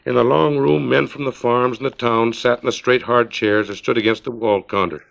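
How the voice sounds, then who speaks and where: A middle-aged man, the author, reads his own short story aloud in a steady, unhurried storytelling manner. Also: medium pitch, gravelly. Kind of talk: measured literary reading. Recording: dull lo-fi 1950s LP recording.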